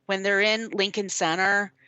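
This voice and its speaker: Speaking at a moderate pace with a medium-pitched voice, this podcast co-host chats casually and brings her anecdotes to life by performing the quoted voices. There's no room sound at all.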